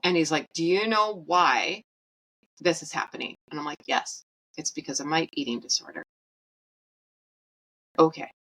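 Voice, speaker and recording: A woman's voice: low voice, lively intonation, normal speed, bright, forceful tone, poor audio. A woman in her thirties hosting a podcast, telling a personal story in a blunt, profane, casual way and laughing at her own jokes. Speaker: podcast host.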